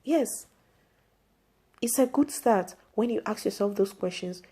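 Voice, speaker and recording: A woman's voice: mid-range voice, measured pace, dark tone, breathy edge. A woman vlog host giving an earnest inspirational faith talk to camera, repeating her pleas.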